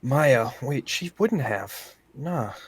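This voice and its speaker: A man's voice: medium pitch, expressive, slow. A man voicing an earnest young lawyer. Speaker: voice-over partner.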